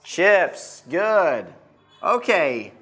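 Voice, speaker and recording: A woman teaching an English class, modelling words slowly and clearly for her students. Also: on the low side, very animated. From United States. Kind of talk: classroom lesson.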